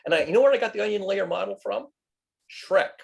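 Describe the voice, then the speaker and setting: A man's voice: sits high, fast talker, creaky. A man in a casual online group discussion, explaining his ideas step by step over a video call. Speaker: study group participant.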